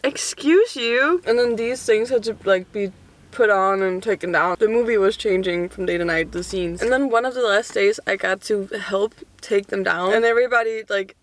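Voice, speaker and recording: A woman's voice: medium pitch, normal speed. A young woman in her twenties chatting candidly at home while eating and showing off a haul, swearing and laughing often. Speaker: vlogger.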